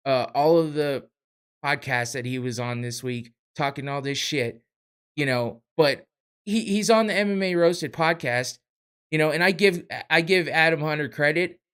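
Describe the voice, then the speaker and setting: A man's voice: mid-range voice, a bit bright, clean tone. A man hosting a podcast, ranting in a heated, profane way. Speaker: podcast host. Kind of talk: casual podcast rant.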